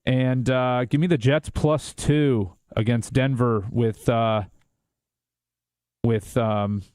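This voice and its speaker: A man's voice: medium pitch, fairly even intonation, takes it slowly, a little mellow, smooth, no echo, studio quality. A man hosting a casual sports show, laughing often as he runs through betting lines and picks.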